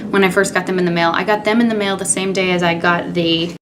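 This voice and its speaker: With a steady tone and fairly low pitch, this young woman talks quickly as she demonstrates makeup in a casual tutorial and review. As a beauty vlogger, she narrates every step in a candid, offhand way, with background noise present.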